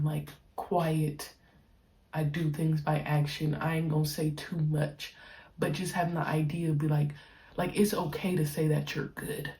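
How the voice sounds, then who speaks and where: A young woman hosting a podcast, talking casually and reflectively in slang and stretching key words out slowly. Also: low voice, warm tone. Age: young adult. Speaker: podcast host, pro basketball player.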